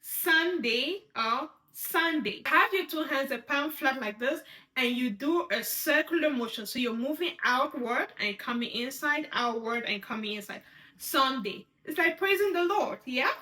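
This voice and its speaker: Female sign language teacher, high bright voice, patient and repetitive, checks in often. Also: lively intonation, moderate pace. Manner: patient, repeats each sign word, checks in with "right?". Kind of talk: step-by-step instruction.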